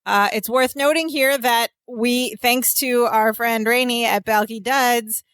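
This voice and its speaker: A woman's voice: a little high, steady tone, a little slow, fairly bright tone, clean tone, no echo. A woman co-hosting a podcast, casually recapping scenes with amused asides. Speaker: podcast co-host. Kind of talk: casual episode recap chat.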